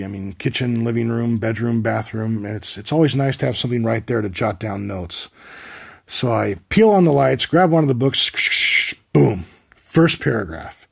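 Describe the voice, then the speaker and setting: A man in his forties tells a rambling comic story as a podcast host, wry and freely profane. His voice is gravelly with plenty of fry and a husky edge. He sits at an average pitch for a man. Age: 40s.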